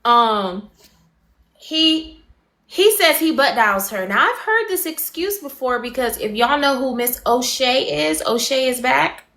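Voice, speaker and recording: A woman hosting a livestream, giving her viewers a rapid, animated gossip recap and greeting them between sentences. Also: high-pitched, roomy sound. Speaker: livestream host.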